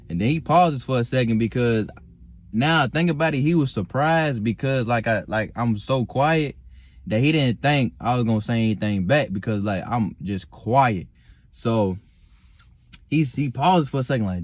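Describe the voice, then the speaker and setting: A young man vlogging to camera from his car at night, talking calmly and reflectively, rambling with many fillers and restarts and swearing freely. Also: mid-range voice, normal speed, a little hiss or hum. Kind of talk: casual talk to camera.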